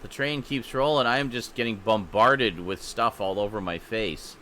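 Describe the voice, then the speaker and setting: A man hosting a casual live-stream podcast, reading out donations from chat in an excitable way. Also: on the low side, normal speed, slight background noise.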